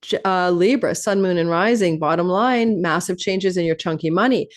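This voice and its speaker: A woman astrologer hosting her own channel, giving a fast, animated forecast that runs through long lists of phrases. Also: lowish voice. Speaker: astrologer host.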